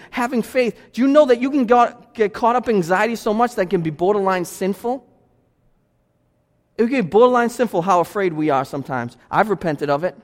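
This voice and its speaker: A male pastor preaching a sermon in a church, with emphatic, repetitive exhortation. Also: high voice. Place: church sanctuary. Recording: long church reverb.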